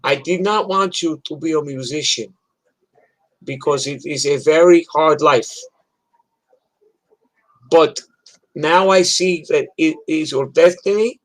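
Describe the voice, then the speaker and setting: A man's voice: mid-range voice, unhurried, a little mellow, lightly acted, poor audio. A man voicing his elderly immigrant father, a doctor, who speaks earnest broken English. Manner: broken English, grave and pleading.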